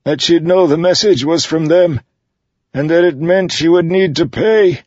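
A man voicing a frightened old male shoemaker who speaks gently and pleads with a trembling voice. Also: fairly high pitch, measured pace, no room sound, dull audio, pitched above the performer's own voice. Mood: pleading.

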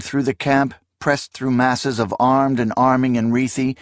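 A man reading fantasy narration aloud in a solemn, deliberate manner. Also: mid-range voice, no room sound, studio quality. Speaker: audiobook narrator.

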